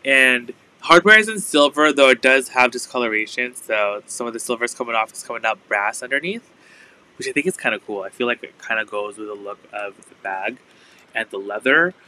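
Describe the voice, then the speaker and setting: A man's voice: mid-range voice, brisk, bright, forceful tone, slight background noise, poor audio. A man hosting a live resale stream, chatting casually and filling his talk with "like". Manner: chatty, full of "like" fillers. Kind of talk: casual live sales chat.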